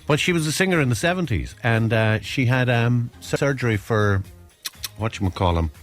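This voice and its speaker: A man's voice: medium pitch, expressive, normal speed. A man with an Irish accent hosting breakfast radio, telling rambling stories in a chatty, chuckling way. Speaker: radio host. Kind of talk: casual breakfast radio chat.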